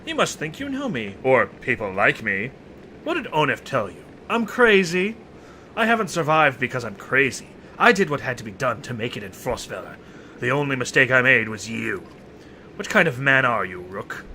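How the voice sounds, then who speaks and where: A man's voice: mid-range voice, very animated, normal speed, pushed and bright, slight background noise. A man voicing a sly, reckless male warlord with a sneering, sarcastic manner, reading him from a game's dialogue.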